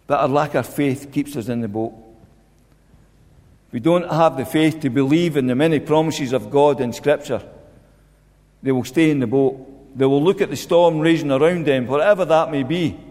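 A man delivers a sermon in an earnest, insistent way, circling back to repeat his main points. His voice sits a little higher than most men's. A long reverb trails behind him, as if in a large hall. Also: normal speed, pauses often, a little mellow. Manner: earnest, repeats key phrases for emphasis. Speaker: preacher.

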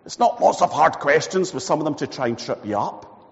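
Preacher in a reverberant hall. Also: male voice, a little high, sing-song, brisk, gravelly. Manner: storytelling, acting out each character's voice. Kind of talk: sermon. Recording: dull recording with long hall reverb.

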